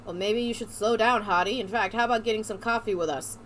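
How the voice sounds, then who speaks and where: A woman's voice: mid-range voice, fast, fairly bright tone, natural voice. Woman doing a brash street thug guy. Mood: leering. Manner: leering, bullying. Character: brash male street thug, crude and pushy.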